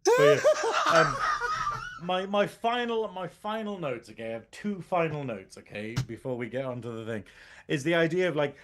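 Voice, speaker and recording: A man's voice: fairly high pitch, big pitch swings, moderate pace, heavy background noise. A man with a Geordie accent, co-hosting a podcast and ranting with lots of swearing and laughter. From Newcastle, England. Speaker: podcast co-host. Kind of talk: casual chat.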